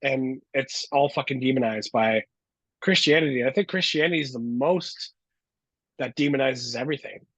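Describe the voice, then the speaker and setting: A man's voice: mid-range voice, normal speed, dry recording, muffled recording. A man hosting a podcast, reacting emphatically and cursing freely in casual chat. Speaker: podcast host.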